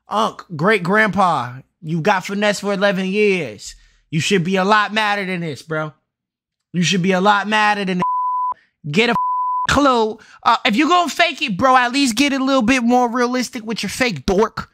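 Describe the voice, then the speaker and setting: Bright-voiced young man mocking a clip. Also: high-pitched, normal speed. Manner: mocking, slangy, laughs often. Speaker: streamer reacting to a video. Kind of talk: casual reaction commentary.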